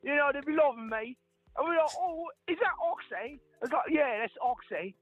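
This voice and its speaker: A man's voice: very high voice, animated, moderate pace, dry recording, narrow, tinny audio, faint music behind. A man on a call, joking around in a put-on British accent and repeating slang tags. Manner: puts on a mock British accent, repeating "mate".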